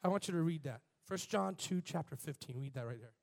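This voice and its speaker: A pastor preaching a lively sermon to his congregation, leading chants and call-and-response and rising to shouts. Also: fairly high pitch, brisk, vocal fry. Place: church before a live congregation.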